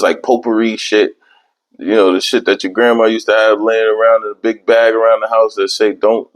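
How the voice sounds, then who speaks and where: A young man hosting a podcast, telling a long story in casual, profane, rambling chat. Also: lowish voice. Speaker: podcast host.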